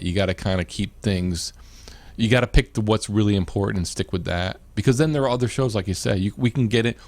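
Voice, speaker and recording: A man's voice: on the low side, creaky, darkish tone, no echo. A man hosting a live video show, chatting casually with many restarts and "you know"s. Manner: rambling, repeats words, many "you know"s. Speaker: host.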